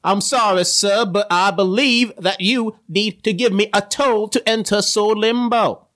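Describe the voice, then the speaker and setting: A man's voice: sits high, steady tone, unhurried, a bit bright. A man voicing a pompous, bigoted male crab toll-keeper in a shaky put-on British accent, talking in defensive bluster. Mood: officious.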